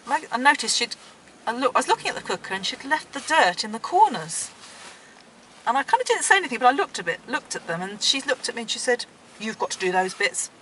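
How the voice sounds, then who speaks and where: A middle-aged woman, interviewed, recounting her dreams in a gentle, earnest way. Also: fairly high pitch, big pitch swings, fast talker, slight background noise, rough recording. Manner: gentle, earnest storytelling with soft laughs.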